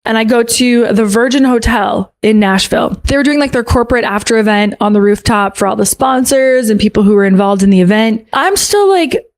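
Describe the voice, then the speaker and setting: A woman's voice: fairly high pitch, brisk, hardly any pauses. A woman recounting a frightening personal encounter in a snarky tone, peppered with "like". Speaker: storyteller in a video clip. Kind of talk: personal storytelling.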